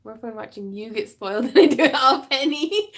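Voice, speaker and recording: A woman hosting a craft livestream, chatting with viewers and giggling as she demonstrates wire wrapping. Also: high voice. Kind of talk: casual livestream chat and tutorial. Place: home craft room.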